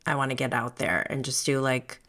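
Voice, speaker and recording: A woman's voice: rumbling low, brisk, a bit bright. A woman guest on a podcast in casual chat, gossipy and emphatic, often breaking into laughter.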